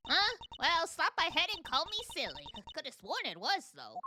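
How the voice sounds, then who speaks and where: Woman playing folksy southern gal, put-on drawl, lively, high, game music behind. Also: normal speed, background noise. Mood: sheepish. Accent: put-on American Southern. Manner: drawling, colloquial, playful.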